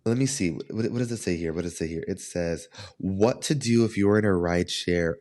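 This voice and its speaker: A man hosting a podcast, telling stories in a casual chat and jumping up in pitch when he acts out what people said. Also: a little fast. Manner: animated, jumps high in pitch when acting out quotes. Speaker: podcast host.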